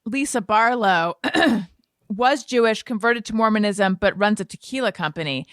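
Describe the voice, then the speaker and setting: A woman co-hosting a podcast in casual chat, playful and quick to laugh. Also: mid-range voice, animated, fairly bright tone.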